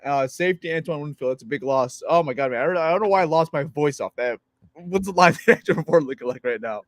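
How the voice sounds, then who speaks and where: An excitable American man co-hosting a football podcast, laughing often and reading off team lists. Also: a little high, fast, no room sound, clean studio sound. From United States. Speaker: podcast co-host. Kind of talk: sports podcast chat.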